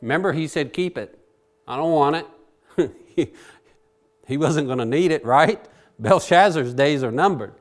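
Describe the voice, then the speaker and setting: A man preaching a Bible sermon in a chatty, animated way, swinging between loud and quiet. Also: fairly high pitch, moderate pace, pauses often. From Virginia.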